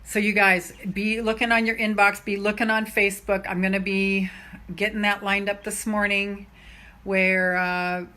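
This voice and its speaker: A woman coaching on self-love in an energetic, chatty motivational live stream, with many fillers. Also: medium pitch, moderate pace.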